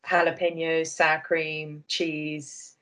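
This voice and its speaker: A woman's voice: low voice, level tone, slow pace, fairly bright tone. A woman from Buckinghamshire, England, chatting casually as a guest and telling self-deprecating anecdotes. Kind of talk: casual chat.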